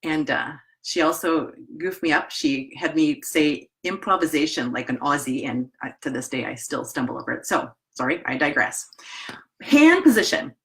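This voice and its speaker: A woman's voice: low voice, normal speed, hardly any pauses. A middle-aged woman with a Wisconsin accent, teaching piano teachers in a chatty live-stream talk from her home studio. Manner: chatty, animated, demonstrates as she talks.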